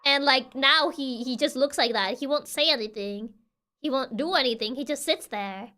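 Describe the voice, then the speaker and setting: A woman's voice: sits high, moderate pace, bright, forceful tone. A young woman streamer giving casual game commentary, playful and joking, with lots of fillers.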